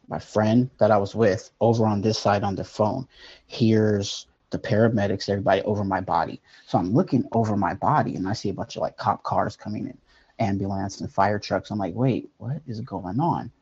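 Man recounting a personal story, halting and earnest, dark husky voice, dull lo-fi sound. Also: fairly low pitch. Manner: earnest, halting, with many fillers. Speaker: guest telling a near-death story.

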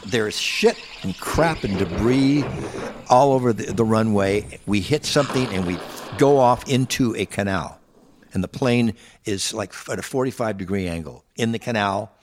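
A man's voice: lowish voice, normal speed. An older man, a guitarist, casually telling stories from his touring days, rambling with restarts and acting out what people said. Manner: rambling, with restarts and acted-out quotes. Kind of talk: casual storytelling.

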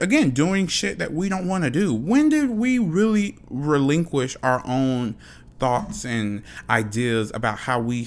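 A man hosting a solo podcast, ranting frankly and passionately, swearing often and repeating himself. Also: medium pitch. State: dry mouth. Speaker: podcast host.

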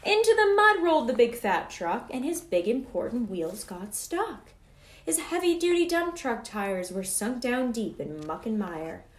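A woman reads a children's picture book aloud in a high, lilting voice. Her pitch swoops and bounces through every rhyme. The room around her gives a noticeable echo. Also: measured pace. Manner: sing-song, expressive reading. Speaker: storybook reader. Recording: echoey room.

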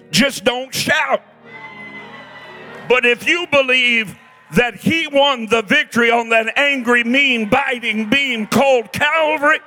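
A man in his sixties preaching a fiery sermon, shouting and exhorting his listeners. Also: extremely high pitch. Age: 60s.

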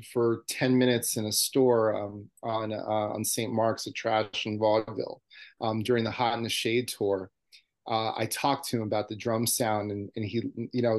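Excited, swearing middle-aged man. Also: medium pitch. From New York. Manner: excited, profane storytelling. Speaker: podcast guest. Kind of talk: casual storytelling.

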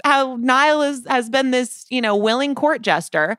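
Animated, bright-voiced woman. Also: sits high, a little slow, smooth, no echo, clean studio sound. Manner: animated, playful, self-interrupting. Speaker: podcast co-host. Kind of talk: casual chat reviewing music.

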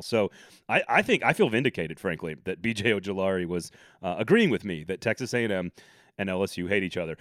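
A man's voice: on the low side, quick pace, fairly bright tone, dry recording, studio quality. A man hosting a sports podcast, chatting casually with opinionated, joking asides. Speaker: podcast host.

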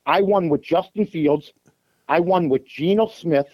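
A Chicago man who hosts sports radio and handicaps games calls in as a guest from his parked car, speaking bluntly in casual sports talk full of fillers and restarts. His voice is fairly high and a little slow, and the recording sounds dry and muffled.

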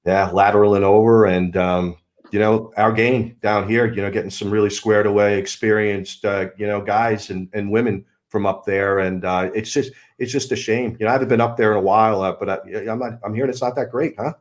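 A low-voiced man from Long Island, a broadcaster, talks casually and rambles with plenty of fillers. He sounds relaxed and unscripted. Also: a little fast. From Long Island, New York. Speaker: broadcaster guest. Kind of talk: casual chat.

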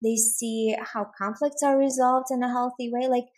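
A woman's voice: on the high side, fairly even intonation, moderate pace, darkish tone. A woman guest on a parenting podcast, talking earnestly and animatedly, full of "like" and "right?". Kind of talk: conversational interview.

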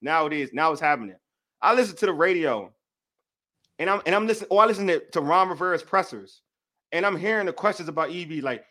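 High-pitched and pushed, with a bright edge and animated intonation, this young man talks fairly fast. Co-hosting a sports show in DC-area American English, he airs his frustrations heatedly and hammers points through repetition.

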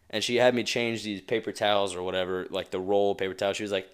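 A young man talks through a motivational podcast episode on his own, in a loose, rambling way. His voice sits fairly low, and he keeps breaking into asides and little laughs. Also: level tone, rapid-fire, hardly any pauses, clean tone. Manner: rambling and conversational, with frequent asides; chuckles often. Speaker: podcast host. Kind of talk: casual motivational monologue.

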